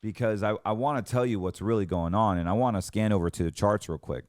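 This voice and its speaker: A man's voice: on the low side, quick pace, no room sound, studio quality. A man hosting a financial show, ranting in heated, emphatic commentary and often restarting his sentences.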